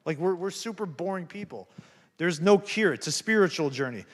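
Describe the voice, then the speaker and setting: A man's voice: high voice, animated, moderate pace. A man giving a candid, earnest talk about recovery to an audience, self-deprecating and plain-spoken. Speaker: recovery speaker at a campus event. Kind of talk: personal testimony talk. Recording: hall reverb.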